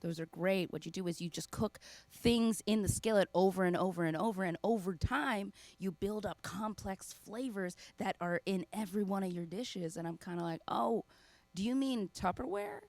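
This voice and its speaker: Female stand-up, mid-pitch, wry and chatty, dry close mic. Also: normal speed, a little mellow, no echo. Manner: wry, puts on quoted voices. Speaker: stand-up comedian. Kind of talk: stand-up comedy set.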